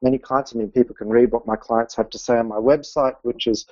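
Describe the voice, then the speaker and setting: A middle-aged man speaking as a guest on an interview podcast, earnest and quick to laugh. His voice sits at an ordinary male pitch. The sound is dry and a little dull. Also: fairly even intonation, a little mellow, dry recording. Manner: earnest, laughs often, openly emotional. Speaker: podcast guest, business mentor. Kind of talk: conversational interview.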